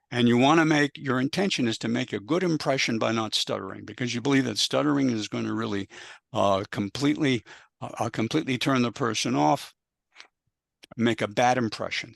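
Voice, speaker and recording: A man with a gravelly, creaky voice, recorded dry and close with no room sound. He talks as a panel speaker, laying out an explanation one step at a time in a measured, patient way. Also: medium pitch, fairly bright tone, dry recording.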